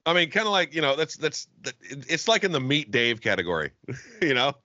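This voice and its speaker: A man's voice: fairly high pitch, sing-song, brisk, pushed and bright, dry recording, lo-fi sound. A man from Jacksonville co-hosting a casual podcast, ranting emphatically and swearing a lot. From Jacksonville, Florida. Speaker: podcast co-host. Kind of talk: casual profane podcast banter.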